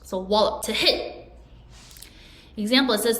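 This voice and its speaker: Higher-voiced woman teaching vocabulary, echoey room. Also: expressive, unhurried, fairly bright tone. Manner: explains words and has learners repeat after her. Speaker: English teacher. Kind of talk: vocabulary lesson.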